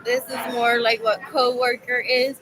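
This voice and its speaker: A woman's voice: a little high, level tone, measured pace. A woman talking in a rambling, giggly way, leaning on "like" a lot in a casual monologue. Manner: rambling, giggly, heavy use of "like". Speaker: vlogger. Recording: noisy background ambience.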